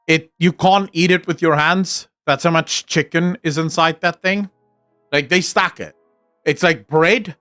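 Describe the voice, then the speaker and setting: A man's voice: on the high side, fairly bright tone, dry recording, clean studio sound. A young man chatting casually on his stream, rambling and swearing freely. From South Africa. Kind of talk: casual chat reacting on stream.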